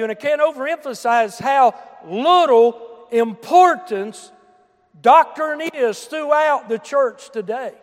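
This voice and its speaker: A man preaching a fervent sermon to his congregation, moving between quiet asides and shouted emphasis. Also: very high-pitched, in a large hall. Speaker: pastor. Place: church sanctuary.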